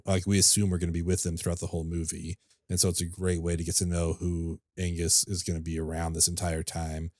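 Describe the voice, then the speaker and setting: A podcast co-host with a low, somewhat dark voice is heard in a dry, studio-quality recording. He rambles through casual chat, leaning on fillers and laughing easily.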